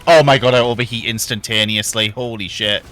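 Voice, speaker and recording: A man's voice: mid-range voice, fairly even intonation, a little fast, bright, forceful tone, faint music behind. A man giving casual, joking commentary while streaming a game and chatting with viewers. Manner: joking, laughs, chats with viewers.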